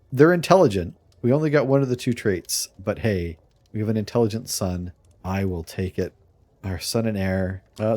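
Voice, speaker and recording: Guy with a lowish voice narrating his strategy game, chuckles a lot, sly and playful. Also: no echo. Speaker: streamer playing a strategy game. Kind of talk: let's play commentary.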